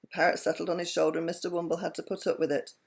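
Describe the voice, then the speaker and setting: A woman reads a children's story aloud with expressive delivery. Her voice sits low and carries a gravelly texture. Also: rapid-fire. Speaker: storybook reader.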